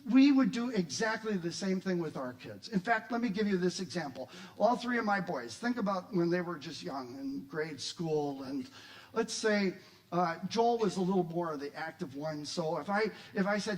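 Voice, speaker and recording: A middle-aged male pastor preaching a sermon, animated, acting out quoted voices with rising volume. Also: sits high, moderate pace, rough recording.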